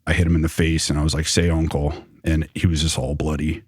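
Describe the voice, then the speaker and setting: Young man, low voice, dry room, rambling storytelling, casual fillers. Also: level tone, fast, breathy edge, no room sound. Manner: loose, rambling with many fillers. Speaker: storyteller recounting his past. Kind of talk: personal story in conversation.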